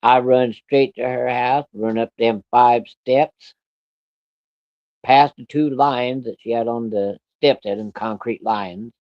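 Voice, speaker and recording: A man's voice: medium pitch, steady tone, slow pace, no echo. Profane man telling a story, dull lo-fi sound. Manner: plainspoken, profane, vivid retelling. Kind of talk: casual spoken storytelling.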